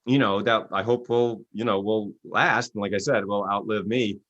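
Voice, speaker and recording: On a muffled recording with no room sound, a male author and coach speaks at normal speed, telling stories as an interview guest. He animatedly acts out quotes, raising his pitch for the quoted voices.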